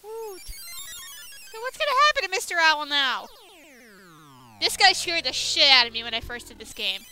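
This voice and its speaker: A woman's voice: sits high, big pitch swings, normal speed, sharp tone, low-quality recording. A woman giving casual commentary while she plays a video game, chatting, swearing and talking back to the characters. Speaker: let's play gamer. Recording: game music playing behind.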